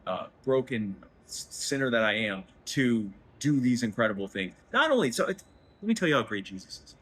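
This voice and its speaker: A man talking emotionally about his faith in a festival interview, rambling and self-deprecating, his voice leaping higher when he gets excited. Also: slightly rough, poor audio. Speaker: guest, head of a liberty organization. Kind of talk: emotional faith-filled conversation. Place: festival booth, indoors.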